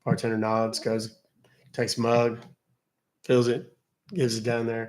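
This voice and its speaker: A man's voice: medium pitch, completely flat delivery, measured pace, darkish tone, poor audio. Jokey man telling a dad joke. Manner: jokey, laughs at his own joke. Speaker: host. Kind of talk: live-stream chat, telling a joke.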